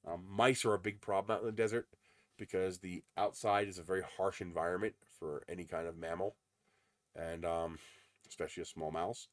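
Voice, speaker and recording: Man, livestream host, casual rambling chat with lots of ums, lowish voice, dry close sound. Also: fairly even intonation, brisk, no echo. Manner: rambling storyteller with frequent ums. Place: home in the desert.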